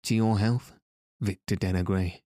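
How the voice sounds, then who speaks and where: A man's voice: on the low side, fairly even intonation, unhurried, warm tone, dry recording, studio quality, lightly acted. A man reading as a sly blackmailing ex-detective. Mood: insinuating. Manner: cool, insinuating, threatening. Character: sly, menacing former detective, about forty.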